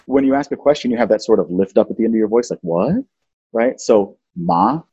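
A man's voice: on the low side, very fast, warm tone, husky, no room sound, highs cut off. A man hosting a casual talk show, playfully explaining language and singing out example tones. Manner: playful, teaching, sings out tones. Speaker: podcast host.

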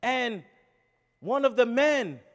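A man preaching a sermon as pastor, swinging between fervent shouting and quiet storytelling, with repeated rhetorical questions. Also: very high-pitched, lively intonation, takes it slowly.

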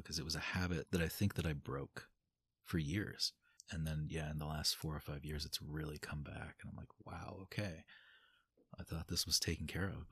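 A man with a very low, husky voice chats openly in a relaxed, casual podcast conversation, swearing freely and laughing often. The audio is dry and close, with no room sound.

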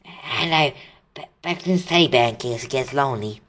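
A man voicing a huge, soft-hearted male groundskeeper in a storybook reading, crooning over a pet dragon. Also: medium pitch, normal speed, a little hiss or hum, close to an everyday voice. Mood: doting. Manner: crooning and tearful.

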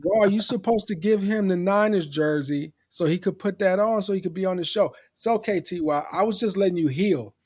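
High husky-voiced man in casual chat. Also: a little fast, few pauses, darkish tone, no echo, studio quality. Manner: playful trash talk, repeats phrases. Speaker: podcast co-host. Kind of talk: casual sports fan chat.

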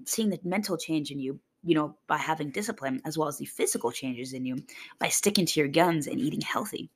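A woman in a casual motivational monologue about fitness, blunt and swearing freely, often mimicking other people. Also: fairly low pitch. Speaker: fitness vlogger.

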